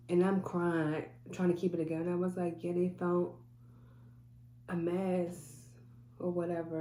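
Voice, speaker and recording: A woman's voice: fairly low pitch, warm tone. A woman telling a personal story to camera in an earnest way, acting out what others said. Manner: earnest, quotes people in dialogue. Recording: echoey room with faint hum.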